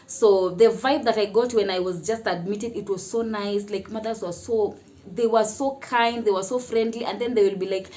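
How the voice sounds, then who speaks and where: A woman's voice: mid-range voice, fairly even intonation, normal speed, warm tone. A Kenyan woman telling a personal story in a casual vlog, chatty, often laughing and mixing in Swahili phrases. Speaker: mother sharing her experience.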